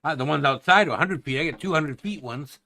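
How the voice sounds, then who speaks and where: A man in casual chat who talks in a rambling, halting way, full of fillers and the odd curse word. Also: on the high side, pushed and bright.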